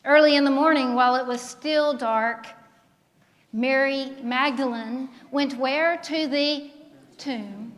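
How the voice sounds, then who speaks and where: High-voiced woman pastor preaching slow, asking the church questions, big echoey sanctuary. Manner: preaching with call-and-response questions. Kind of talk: sermon. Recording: long reverb of a sanctuary.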